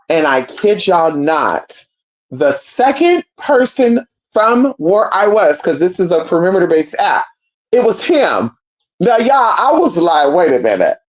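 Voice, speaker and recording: Young woman, spiritual practitioner, casual profane storytelling, very expressive pitch. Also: slow pace. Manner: animated, profane, addresses viewers as y'all and girl.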